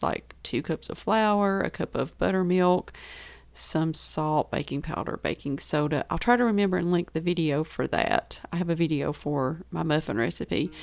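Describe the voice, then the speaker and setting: A woman from the rural American South with a gravelly, fry-tinged voice, chatting enthusiastically as she narrates her kitchen baking vlog. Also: on the low side, darkish tone. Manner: chatty and enthusiastic, laughs easily. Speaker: homestead baking vlogger. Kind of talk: casual voice-over narration.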